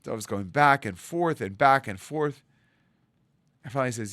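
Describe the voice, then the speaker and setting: Rabbi telling a story, dry close sound. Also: male voice, medium pitch, moderate pace, long pauses, no echo. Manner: animated storyteller acting out dialogue. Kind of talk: storytelling sermon.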